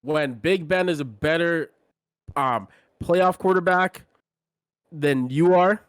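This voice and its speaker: A man's voice: on the high side, takes it slowly, fairly bright tone, clear, resonant tone, dry recording, studio quality. A man co-hosting a casual sports podcast, talking bluntly and with strong opinions, often trailing off and restarting his sentences. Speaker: podcast co-host.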